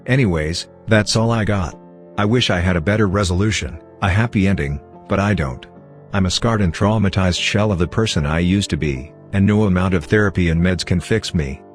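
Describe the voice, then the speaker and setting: A man reading a first-person horror story aloud in a grave, measured way. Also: low-pitched. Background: faint background music.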